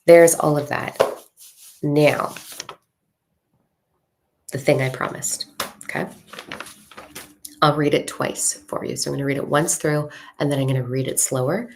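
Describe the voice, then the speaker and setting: A woman coaching a live audience in a very low voice with a gravelly edge. She speaks frankly and casually, with the odd swear word, and she draws out her words when reading a mantra. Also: a little hiss or hum. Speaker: spiritual coach. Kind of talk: casual livestream talk.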